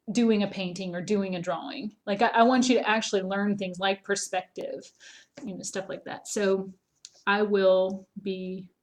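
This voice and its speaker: A woman with a mild Southern accent chats through a home livestream as an art teacher. Her talk is loose and rambling, peppered with ums and false starts. She keeps an easy, casual flow with her viewers. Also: mid-range voice. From Charleston, South Carolina, US. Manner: chatty and rambling, many ums and restarts.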